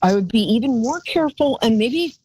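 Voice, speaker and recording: Female psychic host, husky lower voice with lively swoops, chatty and affectionate with callers. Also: a little fast, no echo, rough recording. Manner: chatty, rambling, calls callers darling. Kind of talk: live call-in psychic reading.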